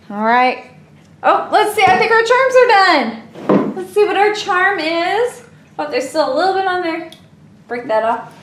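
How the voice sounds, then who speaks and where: A woman's voice: sits high, a bit bright, echoey room. A woman unboxing toys on her own channel, gushing and playful, squealing with delight at each surprise. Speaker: toy unboxing vlogger. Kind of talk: excited toy unboxing chatter.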